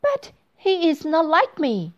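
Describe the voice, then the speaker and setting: A woman's voice: wildly swooping pitch, takes it slowly, muffled recording, full character voice. Thumbelina, a woman doing a sweet tiny girl. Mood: wistful. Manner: high, sweet and earnest. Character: tiny gentle fairy-tale girl.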